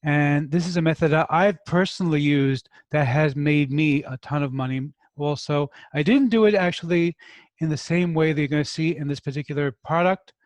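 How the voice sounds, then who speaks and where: A man's voice: fairly high pitch, dry recording. A man from New York hosting a review channel in casual, joking chat with his viewers, with no regional accent. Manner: jokey, chatty, talks to viewers. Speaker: product review host.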